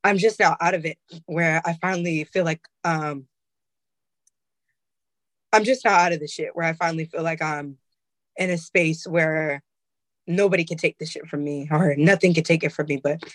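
A woman's voice: lowish voice, moderate pace, no room sound. A young woman musician speaking candidly and emotionally in a casual interview, swearing freely. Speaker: musician guest.

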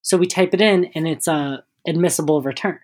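A young man co-hosting a podcast, telling a story in a casual, animated way, cursing freely and acting out the people in it. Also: a little high, brisk. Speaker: podcast co-host.

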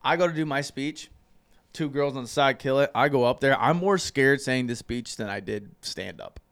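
A young man on a casual podcast, telling stories with lots of swearing and loud mimicking. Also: normal speed. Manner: animated, profane, jumps into loud high voices when quoting. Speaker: podcast co-host. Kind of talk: casual storytelling chat.

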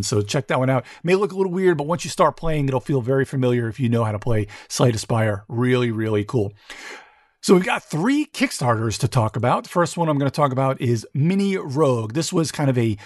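A man's voice: medium pitch, a little mellow, no echo, clean studio sound. A man hosting a podcast, giving a casual, enthusiastic roundup of game news with many fillers. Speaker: podcast host covering board games.

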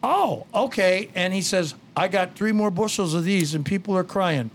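Rambling high-voiced male radio host. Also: animated, normal speed, slight background noise. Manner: rambling storyteller, blunt asides. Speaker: radio garden show host. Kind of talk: casual radio chat.

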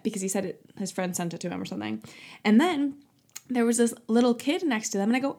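A woman in her twenties hosts a casual solo talk show as a podcast host, talking fast in a voice on the high side. She tells a story in a chatty, animated way, with plenty of "like" and "um" and frequent laughter.

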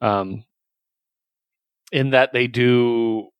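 A man's voice: mid-range voice, fairly even intonation, drawn-out words, clear, resonant tone, dry recording, dull audio. A man hosting a casual podcast, recapping comic books with loose, enthusiastic chatter and the odd swear. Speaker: podcast host reviewing comics. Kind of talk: casual chat.

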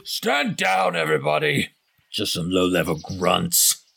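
A man voicing a cold, scornful male cult leader in a tabletop game, speaking low and threatening. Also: lively intonation, slow pace, creaky, fairly bright tone, breathy edge, heavily acted. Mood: commanding.

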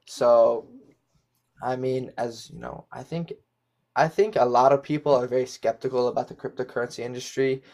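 A man's voice: medium pitch, steady tone, moderate pace, darkish tone. A young man co-hosting a casual podcast chat, talking in loose rambling runs full of fillers. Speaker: podcast co-host.

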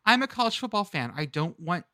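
Homme animé à la voix claire et haute. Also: male voice, high-pitched, a little fast, no room sound, clean studio sound. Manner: animated, swearing, searching for names mid-sentence. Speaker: podcast co-host. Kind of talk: casual chat.

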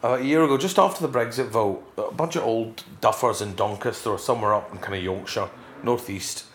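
A middle-aged Scottish man, a guest in a casual interview, telling stories with lively jumps in pitch. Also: brisk, echoey room, a little hiss or hum. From Scotland. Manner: animated storyteller, leaps up in pitch for emphasis.

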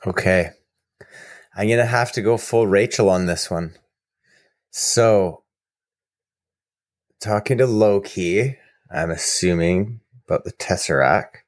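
Slow-talking teasing man. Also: low-pitched. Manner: laughs often, teasing. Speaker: podcast co-host. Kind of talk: casual podcast chat.

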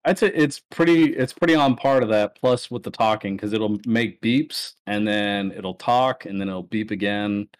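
A man's voice: on the low side, moderate pace, few pauses, no echo. A man, a soldier in his thirties with kids, telling laid-back stories on a podcast and laughing through them. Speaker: podcast guest, army soldier. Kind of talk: casual storytelling.

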